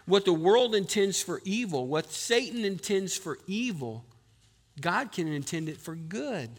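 A pastor preaching with a high voice. He pushes his points hard and calls on the congregation to answer aloud. His tone is bright and clear. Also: in a large hall. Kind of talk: sermon.

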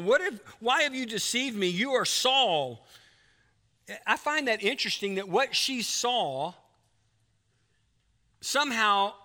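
A man's voice: high voice, sharp tone. A man, preaching a folksy sermon as pastor of his church. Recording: long hall reverb.

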